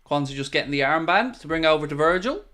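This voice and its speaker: A man hosting a live football watchalong stream, chatting casually, answering viewer messages and bursting out loud when goals go in. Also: fairly high pitch, fast. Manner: excitable, swings between chatty asides and loud bursts at goals. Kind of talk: live casual commentary and chat.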